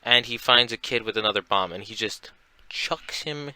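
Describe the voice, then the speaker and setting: Bright, crisp-voiced young man rambling. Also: on the low side, moderate pace, no room sound, rough recording. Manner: rambling, filler-heavy retelling. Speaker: comic book reviewer. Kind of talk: casual comic recap.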